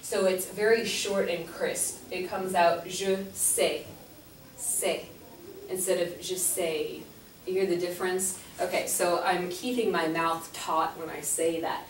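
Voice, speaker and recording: In a distant, echoey classroom, a woman teaches French with a flat delivery and a low-leaning voice. She keeps a moderate pace with hardly any pauses, patiently explaining and spelling words one letter at a time, and there's a little hiss or hum.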